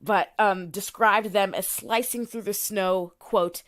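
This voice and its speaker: A woman, co-hosting a podcast in casual chat, animated and full of fillers, reading quotes from her notes. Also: medium pitch, takes it slowly. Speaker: podcast co-host.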